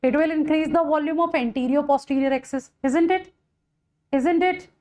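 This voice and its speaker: A high-pitched woman with an Indian English accent lectures on biology. She repeats each key point, and checks in with her students often. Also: moderate pace, darkish tone. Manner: addresses students with Hindi endearment "bache". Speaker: biology teacher. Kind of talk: online exam-prep lecture.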